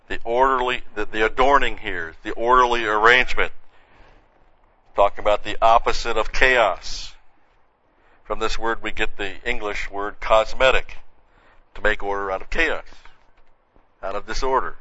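A man's voice: on the low side, steady tone, unhurried, long pauses, bright, forceful tone, no echo. A man preaching a verse-by-verse sermon in a conversational way, often saying "see" and "you know.". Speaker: pastor. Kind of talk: sermon, verse-by-verse Bible teaching. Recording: dull, muffled lo-fi sound.

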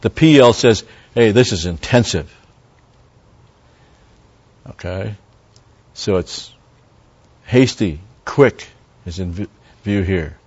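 A man's voice: fairly low pitch, lively intonation, slow, pauses often, a little mellow, husky, muffled recording. A man preaching a verse-by-verse sermon as a Bible teacher, talking conversationally, stopping for Hebrew word study and making wry asides to the congregation.

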